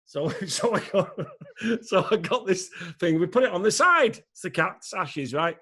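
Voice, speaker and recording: A man co-hosting a podcast, telling stories in casual chat, animated and laughing, swearing freely. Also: high voice, unhurried, husky. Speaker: podcast co-host.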